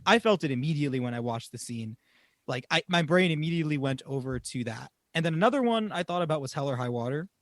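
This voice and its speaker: Young guy on a movie podcast, kinda high voice, dry close mic, laughs and rants a lot. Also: fast, no echo. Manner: animated, laughs often, swears, does mocking impressions. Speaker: podcast co-host. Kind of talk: casual film review chat.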